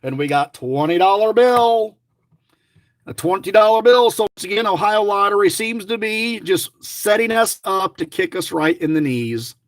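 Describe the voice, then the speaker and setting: A man's voice: high-pitched, expressive, moderate pace, no echo, clean studio sound. A middle-aged man giving chatty, rambling running commentary to his viewers, grumbling and joking as he goes. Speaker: lottery scratch-off vlogger.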